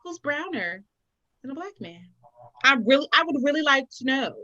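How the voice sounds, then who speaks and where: A young adult woman hosting a casual talk, telling stories in an animated, expressive way. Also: high voice, moderate pace, no room sound, muffled recording. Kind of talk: casual chat.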